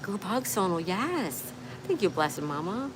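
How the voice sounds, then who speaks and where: A woman's voice: medium pitch, a little slow. A woman hosting a casual livestream, reading viewer comments aloud and chatting back to them. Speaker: livestream host. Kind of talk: casual live-stream chat. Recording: steady background noise with passing traffic.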